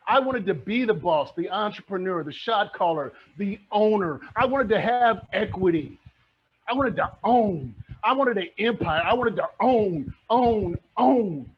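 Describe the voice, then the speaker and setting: A middle-aged real estate mentor, his voice sitting high with lively intonation and a moderate pace, preaches his points over and over in a fired-up motivational presentation. The recording is muffled and lo-fi, with a little hiss or hum.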